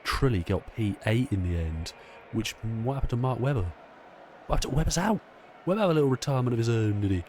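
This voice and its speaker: A man, host of a gaming channel, excitedly commentating his own racing game with a chatty, casual manner. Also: medium pitch, fast talker, slight background noise.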